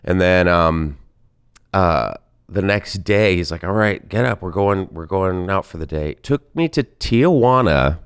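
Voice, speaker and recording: A man telling a personal story in casual chat, animated and acting out other people's lines. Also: sits low, unhurried, smooth. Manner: animated storyteller, acts out voices in quotes. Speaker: guest comedian.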